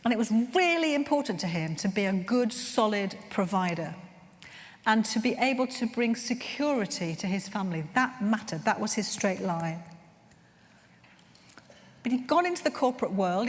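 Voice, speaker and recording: Earnest woman speaking in a reverberant hall. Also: a little high. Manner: earnest, heartfelt, gently searching. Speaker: workshop leader at a chaplains' conference. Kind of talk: conference talk with storytelling. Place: conference room. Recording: long reverb in a large room.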